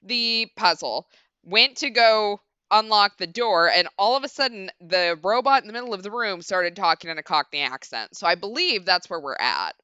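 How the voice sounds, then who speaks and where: A woman's voice: mid-range voice, expressive, normal speed, pushed and bright, clean tone, dry recording. A young woman streaming a video game, chatting casually and swearing freely. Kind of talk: casual let's-play commentary. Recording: dull lo-fi stream mic.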